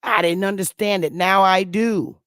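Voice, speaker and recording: A woman's voice: mid-range voice, fairly even intonation, normal speed, fairly bright tone, no room sound, clean studio sound. A woman talking straight to the camera in a casual monologue, blunt, heavy on profanity and emphatic. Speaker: online commentator.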